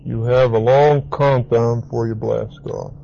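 A man's voice: mid-range voice, steady tone, measured pace, gravelly, warm tone. A man preaching a Bible teaching sermon, repeating key words for emphasis and spelling out Greek terms. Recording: dull lo-fi recording with faint hiss.

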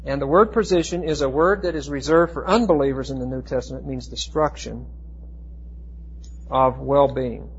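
A man teaching a Bible class, explaining Greek words with emphatic, slowed stress and frequent restarts. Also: medium pitch, slightly rough. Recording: dull lo-fi recording.

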